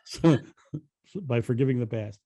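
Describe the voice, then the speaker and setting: A man's voice: medium pitch, lively intonation, slow, warm tone. A man co-hosting a spiritual podcast, talking casually, laughing easily and repeating phrases. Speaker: podcast co-host.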